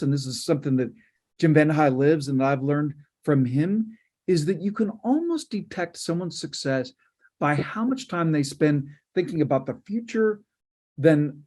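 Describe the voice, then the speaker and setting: A man, a news company cofounder, giving emphatic, fast-flowing answers as an interview guest. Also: on the high side, expressive, a little mellow.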